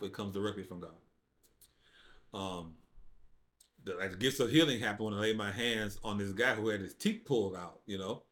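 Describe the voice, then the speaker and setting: Animated man telling a testimony. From United States. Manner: animated storyteller, acts out quotes with big jumps in pitch; informal speech with dropped verbs. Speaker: podcast guest sharing testimony. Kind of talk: casual storytelling conversation.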